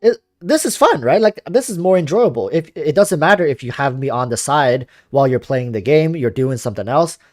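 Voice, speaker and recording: A young man streaming a game, chatting casually with a calm, relaxing voice while he rambles through viewer comments and answers their questions. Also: fairly high pitch, a little fast, few pauses, dry recording, studio quality. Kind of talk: casual livestream chat.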